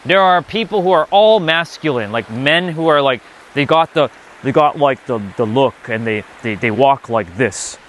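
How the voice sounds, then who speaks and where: A man's voice: medium pitch, lively intonation, moderate pace, fairly bright tone, a little hiss or hum. A man giving an unscripted spiritual lesson, blunt and emphatic, often swearing. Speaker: spiritual teacher.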